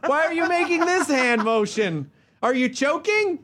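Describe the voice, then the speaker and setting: A man's voice: expressive, normal speed. A man voicing a small child who whines and tattles, demanding a bedtime song. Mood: whiny, shouty. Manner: shouting, tattling, high-pitched.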